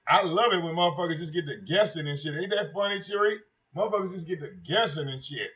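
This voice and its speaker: Brash, profane livestream host, high voice. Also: male voice, quick pace, a bit bright. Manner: brash, profane, repetitive, mocking. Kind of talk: casual livestream rant. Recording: dull lo-fi stream audio.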